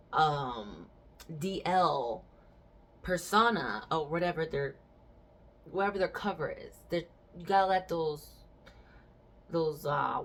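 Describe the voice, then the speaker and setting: A young adult woman hosting a podcast, chatting casually and telling stories frankly with bursts of laughter. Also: on the low side. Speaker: podcast host.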